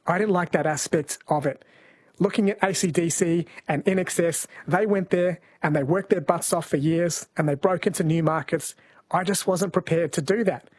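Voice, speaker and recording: A man's voice: on the high side, husky, dry recording. A man co-hosting a comedy podcast, explaining at length in a lecturing tone. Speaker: co-host. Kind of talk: casual comedy podcast chat.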